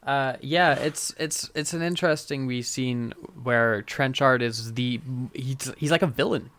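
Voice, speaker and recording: A man's voice: mid-range voice, measured pace, a bit bright, smooth. A man co-hosting a podcast, chatting casually with frequent laughs while recapping a TV episode. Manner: chatty, laughs often, many fillers. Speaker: podcast co-host.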